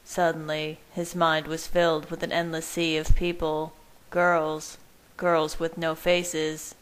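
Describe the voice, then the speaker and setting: A woman with a low voice reading fan fiction aloud in the first person. She narrates at a steady, measured pace. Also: clean tone, rough recording. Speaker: reader.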